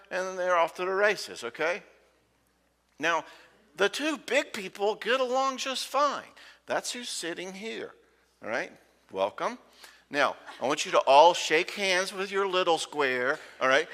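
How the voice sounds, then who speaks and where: A man speaks to a room of couples in a folksy, joking way and acts out spouses' lines as he goes. His voice is bright and forceful. It rings out with the long reverb of a church hall. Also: fairly high pitch, sing-song, normal speed. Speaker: conference speaker. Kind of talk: conference talk to couples.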